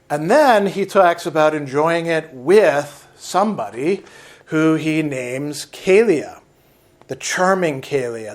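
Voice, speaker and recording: A man teaching philosophy in a recorded lesson. He reads lines from a text aloud, then talks through them in plain words and checks in with a quick "right?" His voice sits a little on the high side. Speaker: philosophy lecturer. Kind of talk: lecture reading and explaining a text.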